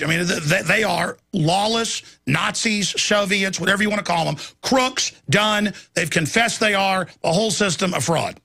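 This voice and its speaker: Gravelly ranting male news host. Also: on the high side, pushed and bright, no room sound. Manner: ranting, indignant, digressive. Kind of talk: opinionated news commentary.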